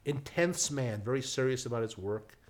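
Older man telling animated stories. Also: medium pitch, normal speed. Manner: animated, repeats words when starting sentences. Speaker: guest storyteller. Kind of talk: casual chat, telling anecdotes.

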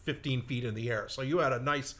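A man with a medium-pitched, sharp voice tells a long, rambling personal anecdote at a fairly quick pace. It's casual, self-mocking storytelling on a comedy talk show.

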